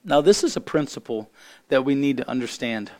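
A middle-aged man preaching a sermon as a pastor, hoarse from losing his voice, earnest and halting with frequent restarts. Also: medium pitch, animated, mellow.

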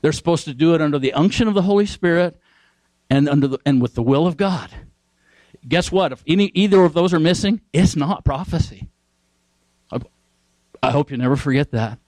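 A man's voice: fairly high pitch, brisk, long pauses, a little mellow, no echo, rough recording. A man preaching a sermon, emphatic, repeating key phrases and asking his listeners questions.

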